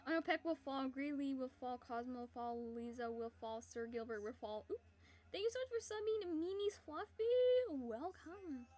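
A woman's voice: high voice, animated, normal speed, darkish tone. A woman streamer chatting casually to her viewers while she plays, silly and playful, slipping into goofy voices and giggles. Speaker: livestreamer.

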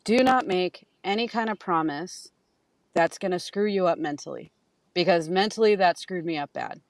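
Woman, caregiver, low voice, dry sound, blunt, earnest, casual talk. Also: normal speed, dry recording. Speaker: caregiver guest. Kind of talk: casual livestream conversation.

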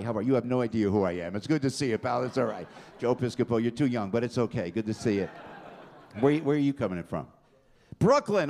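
A man, hosting a live stand-up show and chatting loudly with the audience. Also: mid-range voice. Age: 60s. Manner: brash, loud, chatty with the audience. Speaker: comedy show host. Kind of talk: stand-up crowd work. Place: packed comedy club stage. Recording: live club with crowd noise.

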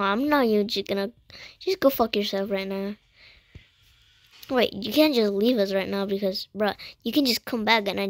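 A woman's voice: mid-range voice, no echo, clean studio sound. A young woman improvising a fan voice-over for cartoon characters, slangy and swearing constantly, often dropping to a whisper. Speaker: amateur voice-over artist.

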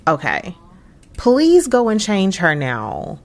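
A young woman giving casual gameplay commentary, expressive and exclaiming often as she talks to her viewers. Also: mid-range voice, slow. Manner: frequent laughs. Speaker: gaming channel host.

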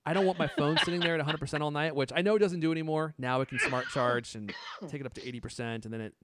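A man's voice: a little high, very fast, a bit bright, dry recording. A man in his thirties co-hosting a casual tech chat, joking and laughing often. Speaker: podcast co-host.

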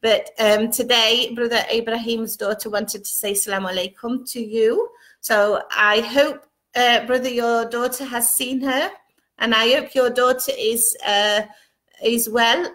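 A woman's voice: on the high side, a bit bright. A woman hosting a casual live stream, reading viewer comments aloud and adding Arabic blessings between them.

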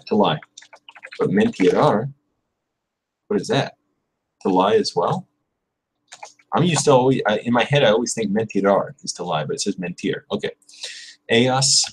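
A man hosting a casual livestream, thinking aloud and chatting with viewers while he drills verb conjugations, repeating words slowly and correcting himself. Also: lowish voice, animated, a little hiss or hum, poor audio. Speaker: livestream host studying Spanish.

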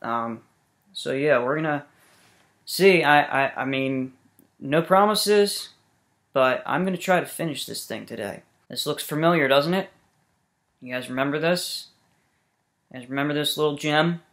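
A let's-play gamer giving casual commentary to viewers, swearing heavily, with loud angry outbursts and sarcastic asides. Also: mid-range voice, measured pace, pauses often.

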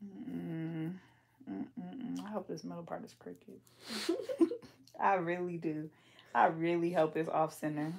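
A woman's voice: fairly low pitch, fairly even intonation, measured pace, vocal fry, long pauses, darkish tone. Playful young woman teasing while braiding. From Bay Area, California. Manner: playful teasing banter, slangy. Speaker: braider and channel host. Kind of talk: casual chat while braiding.

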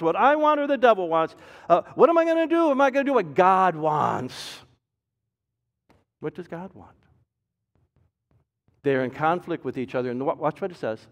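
A man preaching a sermon as pastor, with a dynamic delivery that swings from loud emphasis to soft, low asides. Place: church sanctuary. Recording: reverberant church hall.

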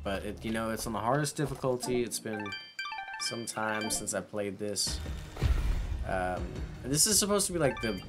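A man hosting a gaming channel, giving let's-play commentary with excitable, swearing, shouting reactions. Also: lowish voice, moderate pace. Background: loud game music.

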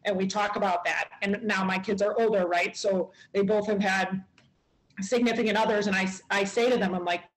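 A woman's voice: mid-range voice, steady tone, a little fast, rough recording. Woman telling parenting stories on a panel. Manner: storytelling, acts out what she says to her kids. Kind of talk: panel discussion.

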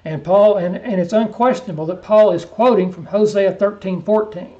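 A man teaching a verse-by-verse Bible lesson, reading scripture slowly and deliberately, then dropping into quiet, offhand asides. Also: high-pitched, steady tone. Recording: muffled lo-fi recording.

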